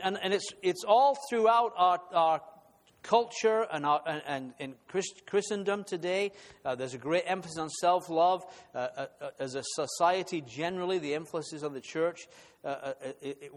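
Male preacher, earnest sermon delivery, higher voice, long hall reverb. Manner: earnest, repeats words when building emphasis.

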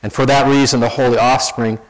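A man preaching a sermon in a conversational, animated storytelling manner, often restarting his sentences. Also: medium pitch, brisk, low-quality recording. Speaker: pastor.

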